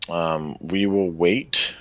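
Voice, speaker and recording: A man runs a tabletop game, pausing and filling gaps with ums. His voice is low but bright. The sound is dry and dull, like a lo-fi mic. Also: no room sound. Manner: relaxed, hesitant, many ums. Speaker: game master.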